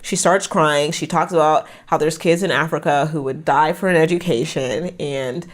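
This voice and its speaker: A young American woman telling her own story frankly as a podcast guest, talking in a candid, animated way. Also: sits low, moderate pace. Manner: frank, animated retelling with laughter. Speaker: podcast guest, branding specialist.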